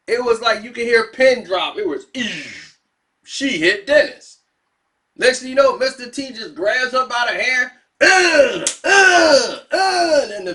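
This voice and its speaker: A man casually telling a wild story, animated and laughing as he acts out the people involved. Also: extremely high pitch. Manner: animated, laughing often, playing the characters. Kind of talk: casual anecdote.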